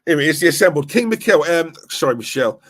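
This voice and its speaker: A young man hosting a live stream, chatting casually, reading viewer comments and reacting with animated, rambling restarts. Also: fast. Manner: animated, rambling, restarts and laughs, pitch jumping when worked up. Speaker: fan channel live-stream host.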